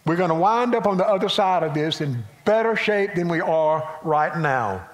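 A male pastor with a Southern US accent preaches a folksy sermon in a slightly high, expressive voice at a moderate pace. He shifts between loud, emphatic lines and quiet asides.

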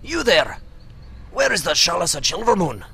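A man voicing a grumpy, boastful male night elf rogue with a deliberately bad Scottish accent. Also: fairly high pitch, sing-song, fairly bright tone, a little hiss or hum. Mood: gruff.

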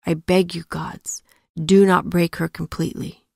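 A woman voicing a warrior prince who speaks gently and soothingly to his wife, in her own low, gravelly voice. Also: little pitch movement, a little slow, no echo, clean studio sound. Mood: sorrowful. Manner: gentle and soothing, softly spoken. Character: tender warrior prince, loving husband.

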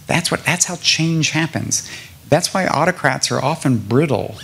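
A man's voice: mid-range voice, creaky, slight background noise. A middle-aged man from South Carolina giving an impassioned public talk, building his points through lists and repeated rhetorical questions. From South Carolina, USA. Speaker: nonprofit president speaking to an audience.

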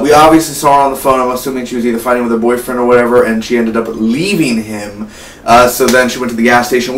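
An eighteen-year-old man giving a casual, rambling spoiler review of a film. He gets excited and keeps tossing in "man" and "like". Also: mid-range voice. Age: late teens. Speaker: movie reviewer. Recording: echoey room, mic at a distance, faint hum.

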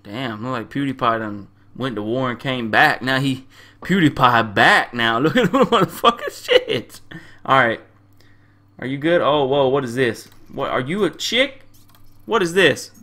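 A young man playing a game and commentating, loud and crude, trash-talking the characters in slang and often repeating himself. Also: mid-range voice, lively intonation, a little slow. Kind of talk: profane casual gameplay commentary.

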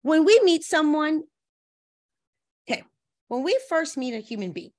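A woman relationship coach talking as a guest, giving lively advice and acting out playful quotes in different voices. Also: sits high, a little slow. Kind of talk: animated advice chat with acted-out quotes.

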